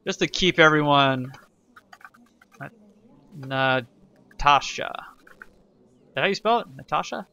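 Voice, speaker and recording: A man's voice: a little high, measured pace, pauses often, bright, forceful tone, clean tone, lo-fi sound. A man hosting a casual let's play tutorial, rambling and self-correcting as he reads the game's event text aloud. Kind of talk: casual gameplay tutorial commentary.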